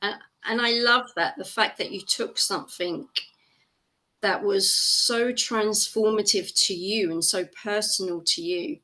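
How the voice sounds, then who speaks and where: A woman hosting a podcast interview, asking questions in a soft, reflective and affirming way. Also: mid-range voice, measured pace. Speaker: podcast host.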